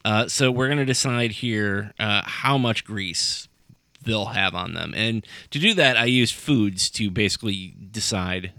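A man co-hosting a podcast in casual chat, teasing his partner and reading out dice-game options in a steady list. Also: fairly low pitch, unhurried, no room sound, clean studio sound.

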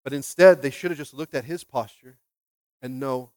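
A male pastor preaching a lively sermon, asking the congregation questions and swinging between quiet asides and loud, emphatic bursts, often repeating words as he restarts. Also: mid-range voice, normal speed, no room sound.

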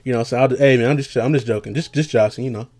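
A man's voice: mid-range voice, fast talker, a little mellow. Rambling, slangy young man. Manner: loose and slangy, full of fillers, jokes around. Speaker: podcast host. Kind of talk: casual rambling monologue.

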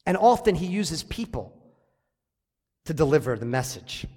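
A man preaches to his congregation, pressing his points home and slowing down to repeat the key lines. His voice sits high for a man. The sound rings with long reverb from the church sanctuary. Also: sing-song, mellow. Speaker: pastor. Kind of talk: sermon. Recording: hall reverb.

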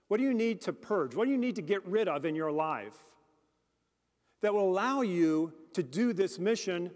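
A man's voice: high voice, lively intonation, moderate pace, a little mellow. A man preaching a sermon as a deacon, earnest and speaking directly to the congregation with questions. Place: church. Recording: long church reverb.

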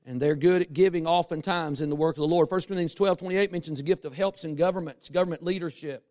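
Animated high-voiced preacher. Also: male voice, fast. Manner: animated, humorous preaching with rising emphasis and asides to the congregation. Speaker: pastor. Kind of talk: sermon.

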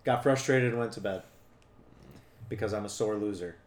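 A man's voice: fairly low pitch, normal speed, echoey room, slight background noise. A man in casual podcast banter, dry and self-deprecating. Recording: loud crowd chatter behind.

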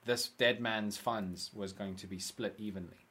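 A man co-hosting a casual chat, telling long stories with swearing and quick impressions of the people in them. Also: fairly low pitch, slightly rough. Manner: animated, swearing, acts out quoted people.

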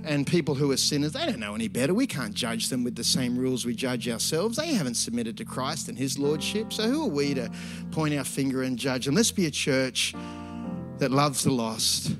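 A man, preaching a sermon that moves from a lively story into earnest prayer. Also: mid-range voice, normal speed, over music. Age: 50s. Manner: animated storytelling, then quiet earnest prayer. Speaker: pastor.

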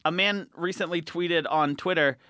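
Male podcast co-host, lively and giggly, slightly high voice, dry close sound. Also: normal speed, clean tone, no room sound. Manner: animated, laughs often while reading aloud. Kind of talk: casual comedic chat.

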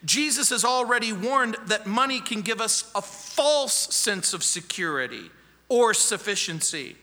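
A man's voice: high-pitched, expressive, a little slow, pushed and bright, long reverb tail. A man preaching a sermon as pastor, emphatic and fond of repeating key phrases. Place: church.

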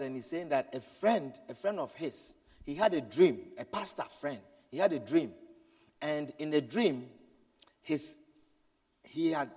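A man preaching a sermon, swinging between loud, urgent exhortation and low, hushed storytelling. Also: slightly rough, in a large hall.

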